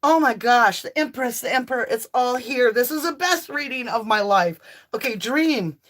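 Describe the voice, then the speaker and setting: A woman doing an impassioned tarot reading to camera, emphatic and near yelling at times, with chatty asides to her viewers. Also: on the high side, expressive, normal speed. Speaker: tarot reader and channel host.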